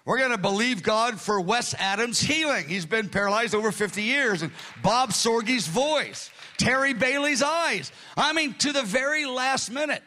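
Bright, high-pitched older man preaching. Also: lively intonation, moderate pace, hardly any pauses. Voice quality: voice prone to strain. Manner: earnest, conversational preaching with sudden rises in pitch. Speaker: pastor. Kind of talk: sermon.

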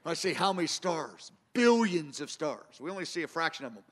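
A man's voice: fairly high pitch, lively intonation, fairly quick, a bit bright. A man preaching a sermon, earnest and emphatic, circling back to repeat his key phrases. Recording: long hall reverb.

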